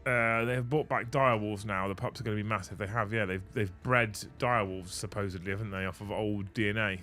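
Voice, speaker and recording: A man's voice: on the low side, fairly even intonation, fast, pushed and bright, soft background music. A man hosting a casual hobby live stream, reading chat aloud and trading sweary, teasing banter with his co-host.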